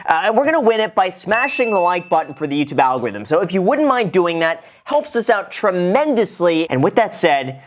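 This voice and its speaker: A man's voice: high-pitched, big pitch swings, brisk, hardly any pauses. A man hosting his own show, giving a casual reaction commentary in a playful, joking way and laughing often. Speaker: show host.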